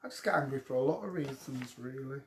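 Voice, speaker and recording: A man's voice: medium pitch, quick pace, a little mellow. A man hosting a casual live question-and-answer show from home, with cheeky, gossipy banter aimed at his viewers. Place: at home during lockdown. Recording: echoey room.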